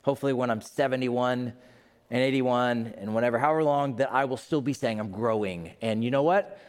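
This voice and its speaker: A pastor in his fifties preaching a sermon, animated and acting out the voices he quotes. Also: mid-range voice, fairly quick. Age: 50s. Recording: long reverb of a large hall.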